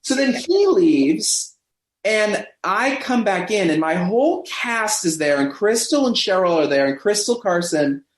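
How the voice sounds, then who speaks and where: Animated storyteller man, echoey room. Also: high voice, a little slow, slight background noise. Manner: animated, acts out quoted voices. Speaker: podcast guest. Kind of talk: anecdotal storytelling in a podcast interview.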